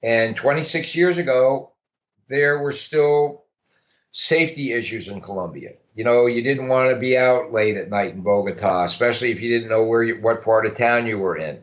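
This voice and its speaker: A man's voice: mid-range voice, normal speed, muffled recording. A man talking casually in an interview about property, rambling and thinking aloud with many restarts. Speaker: guest, realtor.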